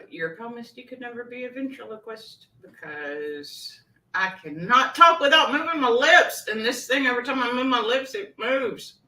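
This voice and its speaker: A high, lively woman with a drawl, chatting casually and laughing at herself. Her voice is bright and unhurried. She sits a little back from the mic in an echoey room. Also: recorded from a distance. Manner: giggly, self-mocking, breaks into laughter. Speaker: host of a live chat show. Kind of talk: casual live-stream chat.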